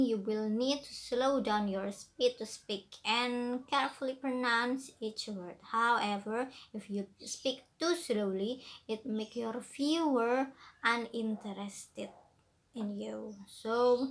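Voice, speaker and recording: A woman with an Indonesian accent presents an explanatory lesson, speaking slowly and deliberately with frequent fillers. Her voice is a little high.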